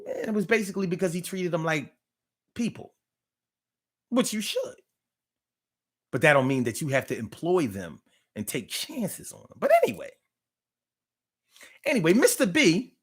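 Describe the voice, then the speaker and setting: A man's voice: a little high, a bit bright. A man hosting a live online talk show, telling a story casually and profanely, repeating phrases.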